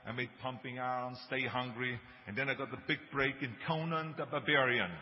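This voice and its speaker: A man's voice: medium pitch, fairly even intonation, fairly quick. A man in his sixties with a German accent, giving a motivational speech with emphatic storytelling and joking asides. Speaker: speaker. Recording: dull, reverberant hall recording with faint noise.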